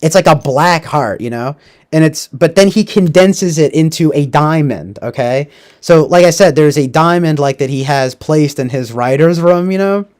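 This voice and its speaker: A man's voice: fairly high pitch, normal speed, a little mellow. Rambling, profane man chatting on a livestream. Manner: rambling, profane, lots of "like" and "right?". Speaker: livestream host. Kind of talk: casual livestream movie talk.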